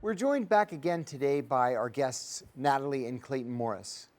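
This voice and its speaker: A man's voice: mid-range voice, expressive, normal speed, a little mellow, faint music behind. A man hosting a studio talk show, earnest, with rising emphasis as he makes his points. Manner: earnest, rising emphasis, acts out quoted voices. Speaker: host.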